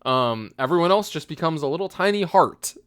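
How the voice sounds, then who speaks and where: A man's voice: on the high side, lively intonation, brisk, a bit bright, clean tone, no echo, clean studio sound. Playful, drawling male podcast host. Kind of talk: casual gaming podcast chat.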